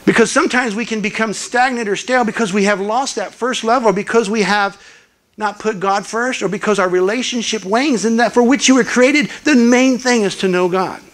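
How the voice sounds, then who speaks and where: Preaching as a guest at a church, an older man speaks at a moderate pace with a fairly high voice for a man. His sermon is earnest storytelling, and he brightens into animated voices for the people he quotes.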